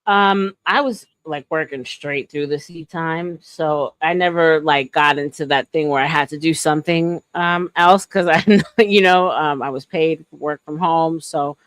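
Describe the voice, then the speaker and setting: A woman hosting a casual live stream, animated, giving shout-outs and acting out quotes. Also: deep voice, a little slow, hardly any pauses, no echo. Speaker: stream host.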